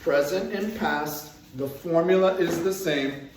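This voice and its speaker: A man leads a grammar lesson with a slightly high, unhurried voice, repeating phrases as he works through examples. He is picked up from a distance in a very echoey classroom, with faint room ambience underneath. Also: a little hiss or hum. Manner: slow, repeats phrases, moves around the room. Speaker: English teacher. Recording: echoey room, voice from away from the mic.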